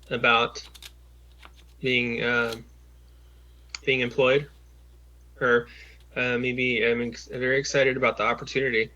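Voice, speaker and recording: Over a video call, a job coach with a medium-pitched, pushed, bright voice walks someone through a phone call. He's patient and encouraging, full of fillers and false starts.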